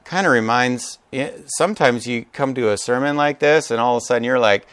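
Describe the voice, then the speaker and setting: A man preaching a sermon to his congregation. He is animated and joking, and acts out quotes with big jumps in pitch. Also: fairly quick, few pauses, no echo. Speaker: pastor. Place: church gathering with a live congregation.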